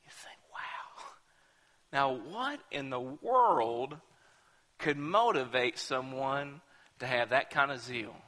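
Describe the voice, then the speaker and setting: A man's voice: mid-range voice, expressive, slow, bright, forceful tone. A male pastor preaching a sermon with emphasis, often repeating words as he builds a point. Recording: echoey hall.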